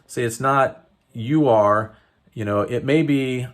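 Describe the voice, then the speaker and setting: Man, mid-pitch, slow and halting; earnest unscripted coaching talk. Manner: halting, many restarts and fillers, earnest. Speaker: wellness coach. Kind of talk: unscripted teaching to camera.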